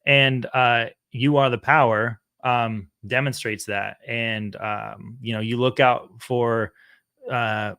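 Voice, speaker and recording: A man's voice: mid-range voice, steady tone, slow, sharp tone, clean tone, dry recording, studio quality. A young man hosting a podcast, rambling in casual interview talk with many fillers. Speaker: podcast host.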